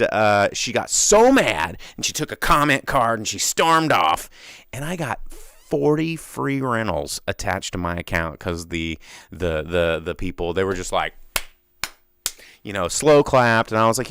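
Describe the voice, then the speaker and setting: Gravelly young male host, lively swooping pitch, dry close sound, riffs off chat. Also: a little slow, no room sound. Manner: animated storyteller who acts out voices, many restarts. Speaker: podcast host. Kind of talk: casual live solo podcast rant.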